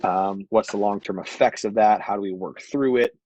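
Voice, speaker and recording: A man's voice: lowish voice, steady tone, normal speed, darkish tone, slightly rough, no echo, dull audio. A man hosting a podcast, setting up the topic with a string of questions in a casual, conversational way. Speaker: podcast host.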